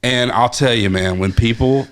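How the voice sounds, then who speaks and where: A man's voice: medium pitch, normal speed, clean tone. A man with a Tennessee accent, a songwriter guest telling earnest, rambling stories on a podcast. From West Tennessee. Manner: earnest, rambling storyteller with restarts. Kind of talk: casual storytelling chat.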